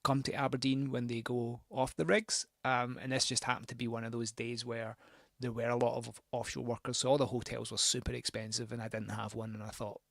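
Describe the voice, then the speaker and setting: A man's voice: mid-range voice, little pitch movement, fairly quick, creaky, fairly bright tone, dry recording, clean studio sound. A man hosting a record show, telling a rambling, sweary, self-mocking anecdote between records. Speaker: radio host spinning records.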